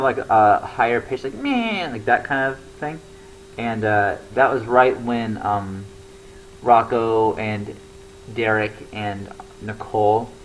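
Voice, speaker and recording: A man's voice: lowish voice, a little hiss or hum, poor audio. A young man talking casually to camera, rambling with lots of fillers and restarts. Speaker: comedy show regular.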